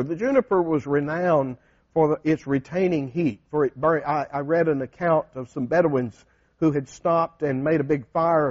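A man's voice: a little high, darkish tone, highs cut off. A man preaching a sermon in a conversational way, often asking the congregation questions.

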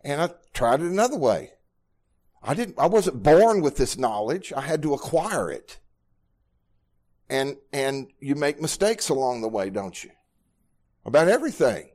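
A man, preaching a sermon at a Bible study, telling personal stories earnestly and moving from quiet, low passages to loud, raised ones. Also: very animated, normal speed, pauses often. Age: 60s. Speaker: pastor.

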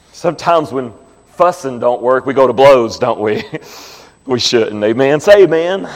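A male pastor preaching a sermon, reading scripture slowly and asking the congregation questions. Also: medium pitch. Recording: long hall reverb.

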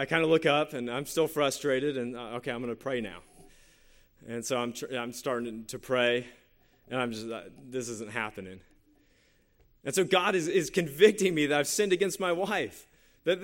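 A man preaching a sermon in a slightly higher voice than most men. He talks earnestly and conversationally, repeating phrases as he works through scripture and a personal story. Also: a bit bright. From San Jose Bay Area, California. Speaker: pastor.

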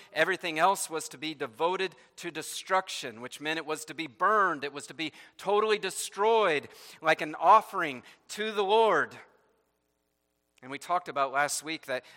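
A man preaches in a church sanctuary, reading scripture passages aloud and unpacking them with rhetorical questions. His voice is bright and sits a little high for a man. A long reverb trails each phrase around the hall. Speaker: pastor. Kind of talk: sermon.

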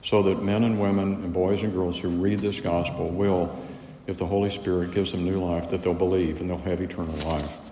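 Male pastor, low voice, earnest sermon delivery, roomy hall reverb with faint noise. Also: little pitch movement, brisk, warm tone. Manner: earnest, emphatic, repeats words when pressing a point.

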